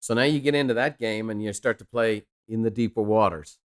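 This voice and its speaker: A man's voice: on the low side, fairly quick. A man hosting a podcast interview, chatting conversationally with a few joking asides. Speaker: host.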